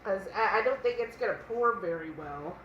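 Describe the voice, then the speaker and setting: A woman's voice: medium pitch, expressive, normal speed, fairly bright tone, reverberant, muffled recording, a little hiss or hum. A woman co-hosting a casual cooking live stream, chatting and reading viewer comments aloud. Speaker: cooking channel co-host.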